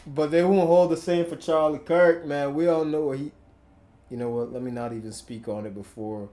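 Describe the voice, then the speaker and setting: A man's voice: on the high side, steady tone, moderate pace, dark tone, slight background noise. A man reacting to clips on his stream, slangy, blunt and profane in casual commentary.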